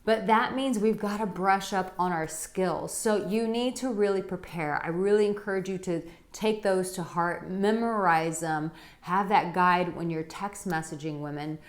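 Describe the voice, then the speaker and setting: A woman dating coach talking straight to her viewers, chatty and animated as she tells a personal story. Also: on the low side, measured pace, few pauses. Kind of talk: direct-to-camera advice vlog.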